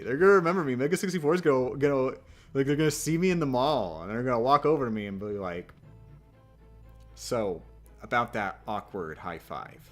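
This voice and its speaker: A man chatting casually on a live stream, rambling and self-mocking with lots of restarts. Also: medium pitch.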